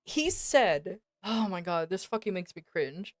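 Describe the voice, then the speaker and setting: A woman's voice: fairly low pitch, a little slow, few pauses, dry recording, studio quality. A woman streamer telling a story to her chat in a casual, rambling way, swearing often. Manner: swears a lot, animated and rambling.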